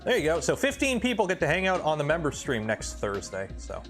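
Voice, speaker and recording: A man from Canada chats on his livestream with a higher-than-usual voice that swings up and down a lot. Faint music plays behind him as he reads out chat and rants with energy. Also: wildly swooping pitch, brisk, a bit bright. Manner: chatty, reads chat aloud, rants animatedly. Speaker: livestream host.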